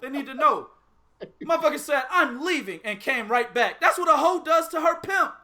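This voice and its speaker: A man hosting a boxing podcast, chatting casually, animated and profane, laughing often. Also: extremely high pitch, moderate pace. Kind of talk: casual chat.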